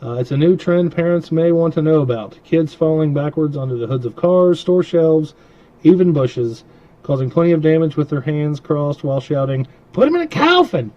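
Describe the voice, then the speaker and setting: Man, podcast co-host, mellow dark tone, somewhat high, lo-fi muffled sound. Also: normal speed. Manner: profane, rambling. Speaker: podcast co-host reading news. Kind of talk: casual banter, reading news stories. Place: small studio.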